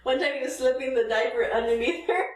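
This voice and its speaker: A woman's voice: high voice, quick pace, darkish tone. A woman co-hosting a casual chat about motherhood, telling embarrassing stories with self-deprecating laughs. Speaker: podcast co-host, mother. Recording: echoey room, mic at a distance.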